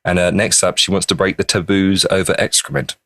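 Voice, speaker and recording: A man's voice: sits low, steady tone, a little fast, creaky, fairly bright tone, dry recording. A man co-hosting a podcast, sharing odd news in casual banter. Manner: chatty, hesitant with fillers while telling a story. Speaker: podcast co-host.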